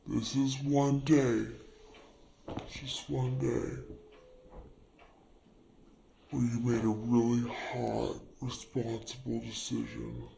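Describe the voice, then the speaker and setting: Guy doing a slowed-down flirty gal fussing over her man, super draggy and gravelly, comedy bit. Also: medium pitch, warm tone, slight background noise, poor audio. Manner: drawn-out, halting and teasing. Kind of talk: slow-motion comedy skit.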